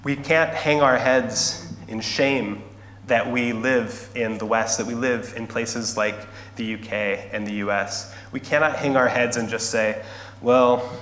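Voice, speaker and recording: An earnest man preaching from the front of a church, his voice sitting in a middling register. He slows and softens to land each point. The sound carries a long reverb from a large hall with a faint hum underneath. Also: mid-range voice, steady tone. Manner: earnest, slowing and softening for emphasis. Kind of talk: sermon with scripture reading and storytelling.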